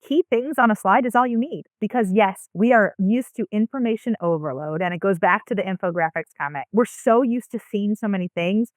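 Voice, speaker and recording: A woman speaking as a guest on a podcast about presentation design, energetic and emphatic. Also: medium pitch, dry recording. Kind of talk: podcast interview.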